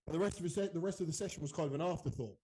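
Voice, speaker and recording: Brief: male co-host, rapid and frank, warm dark tone. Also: fairly high pitch, low-quality recording. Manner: fast, frank, filler-heavy. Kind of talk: casual podcast chat.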